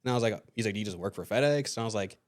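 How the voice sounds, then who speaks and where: A man's voice: fairly low pitch, racing. A young man hosting a podcast, telling a story in casual chat, swearing freely and acting out the voices of people he quotes. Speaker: podcast host.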